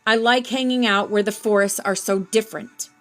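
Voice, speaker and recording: A woman's voice: mid-range voice, steady tone, normal speed, a bit bright, soft background music, natural voice. A woman reading the lines of a friendly, fit, middle-aged male researcher in her own everyday voice. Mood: earnest. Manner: plain reading, hardly changed from her narration.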